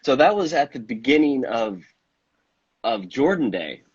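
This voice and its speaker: A man's voice: mid-range voice, sing-song, a little slow, breathy edge, highs cut off. A man chatting casually about a trip, rambling and self-deprecating, often restarting his sentences. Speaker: podcast host. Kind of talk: casual chat.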